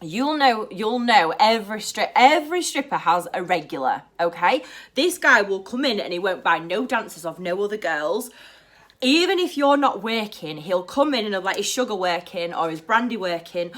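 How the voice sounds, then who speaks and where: A young British woman chatting to camera in a blunt, profane and animated way. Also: mid-range voice, normal speed. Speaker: vlogger. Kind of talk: casual to-camera chat.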